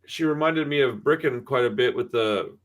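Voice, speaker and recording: A medium-pitched, slightly bright voice at a moderate pace belongs to this podcast co-host in his thirties. His casual storytelling is heavy on swearing, and he acts out quoted voices.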